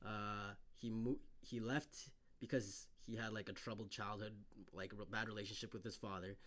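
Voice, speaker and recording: A man's voice: fairly low pitch, fairly even intonation, normal speed, a bit bright. A man co-hosting a casual podcast, reading news stories aloud and riffing on them with loose, profane talk. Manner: loose and profane, reads headlines then riffs. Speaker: podcast co-host.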